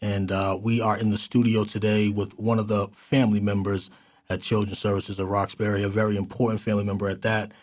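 Low-voiced man hosting community radio. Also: flat delivery, fairly quick, a little mellow, dry recording, studio quality. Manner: chatty, affirming, many fillers. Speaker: radio show host. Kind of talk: radio talk show hosting.

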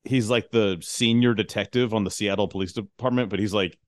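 A man's voice: on the low side, fairly even intonation, a little fast, no echo. A man hosting a podcast in a loose, casual chat. He swears freely and laughs often. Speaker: podcast host.

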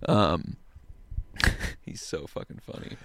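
Relaxed stoned man in his twenties. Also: a little hiss or hum. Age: 20s. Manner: laid-back, profane, drawn-out storytelling with impressions. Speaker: podcast host telling a story. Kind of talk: casual storytelling chat.

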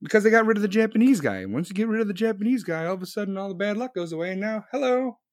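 Guy rambling on his stream, lots of swearing, swoopy pitch, dry sound. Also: expressive, racing, no echo. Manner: rambling, heavily profane. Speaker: livestream host. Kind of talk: casual livestream chat.

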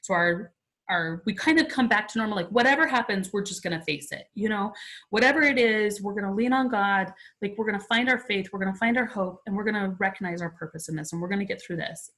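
A woman's voice: medium pitch, fast talker, a bit bright, rough recording. Woman in her 40s telling her story on a podcast, chatty and emotional, lots of "like". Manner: chatty, emotional, many "like" fillers. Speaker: podcast guest. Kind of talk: personal storytelling in conversation.

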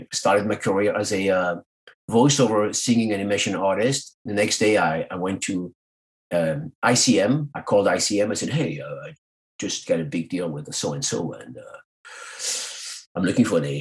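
Low-voiced man telling animated stories. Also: low-quality recording. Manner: lively storyteller who acts out quoted voices. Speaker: guest, singer and voice artist.

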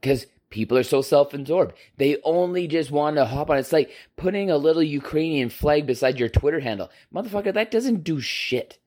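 A man's voice: fairly high pitch, brisk, hardly any pauses, warm tone. A man delivering a heated, profane opinion rant on his own channel, blunt and rhetorical.

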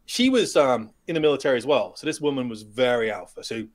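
A middle-aged man, a retired pilot, telling lively anecdotes as a podcast guest and acting out the dialogue. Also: medium pitch, fast. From United Kingdom. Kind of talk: storytelling in a podcast interview.

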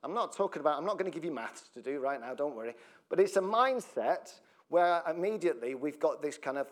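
Chatty pastor, quick to laugh. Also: male voice, on the high side, lively intonation. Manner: jokey, laughs often, breaks up mid-sentence; conversational, asks the congregation questions. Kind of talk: sermon.

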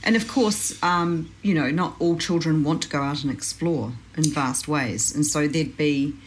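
Woman, 40s, low-pitched, chatty host in casual talk. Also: measured pace, slight background noise, rough recording. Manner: chatty, animated when mimicking others. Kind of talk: casual conversation.

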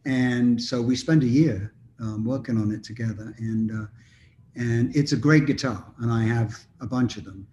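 A man's voice: medium pitch, normal speed, a little mellow, lo-fi sound, a little hiss or hum. An older man, a musician guest, telling long anecdotes in a casual interview, rambling with frequent ums and restarts.

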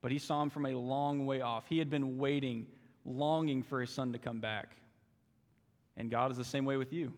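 A man's voice: medium pitch, fairly even intonation, normal speed. Earnest young man preaching in a reverberant church. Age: young adult. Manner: earnest, repeats phrases for emphasis. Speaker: youth intern preacher. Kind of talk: sermon. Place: church sanctuary.

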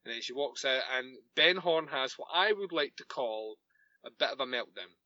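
A man's voice: mid-range voice, expressive, moderate pace, pushed and bright, dry recording. A man chatting casually as a podcast co-host, wry and sarcastic, picking holes in the plot of a TV episode. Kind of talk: casual chat recapping a TV episode. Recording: dry, dull lo-fi mic.

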